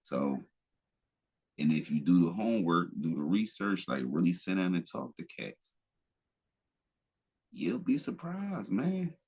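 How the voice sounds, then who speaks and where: A man with a very deep, husky voice talks bluntly and profanely in a loose podcast rant. He rambles and restarts his thoughts as he goes. The audio sounds dull and lo-fi. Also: normal speed, darkish tone. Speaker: podcast host. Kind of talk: casual opinion talk.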